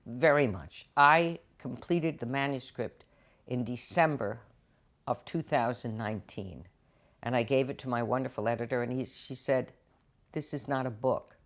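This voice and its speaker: An older woman, a guest actress and author, telling stories in an interview and acting out quotes with lively voices. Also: very deep voice, moderate pace. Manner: animated, acts out quotes in different voices. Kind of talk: interview storytelling. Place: TV studio.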